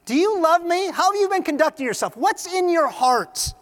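A preacher voicing a calm, probing teacher. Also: male voice, high voice, fairly quick. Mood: pressing. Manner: gently questioning. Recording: reverberant hall.

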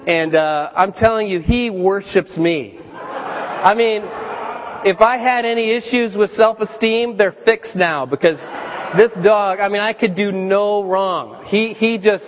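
A man in his thirties preaching a sermon as a pastor, chatty and storytelling, with animated voiced quotes. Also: high voice, unhurried, a little hiss or hum. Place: church sanctuary. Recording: dull church recording with long reverb.

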